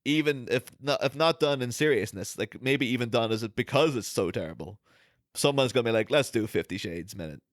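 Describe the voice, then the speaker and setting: A man co-hosts a chatty podcast, wandering through his thoughts with many fillers and restarts. His voice sits at a middling pitch, and the recording is close and dry. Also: a little fast, no echo. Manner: rambling, many fillers and restarts, laughs often. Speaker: podcast co-host. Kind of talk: casual chat.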